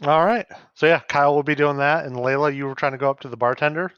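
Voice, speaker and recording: A man narrating as game master in a tabletop game, in a loose, halting way and laughing often. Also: on the high side, steady tone, fairly bright tone, clean tone, dry recording, highs cut off.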